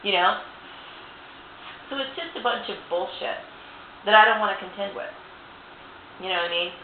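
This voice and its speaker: A woman's voice: medium pitch, normal speed. A woman ranting indignantly to camera, swearing and repeating "you know" as she airs her grievances. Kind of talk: angry personal rant to camera. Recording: tinny phone-like sound, echoey room, faint hiss.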